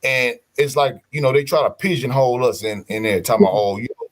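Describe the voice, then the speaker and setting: A man at a middle pitch tells a story in casual podcast chat. He is animated, slangy and freely profane. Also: fast talker.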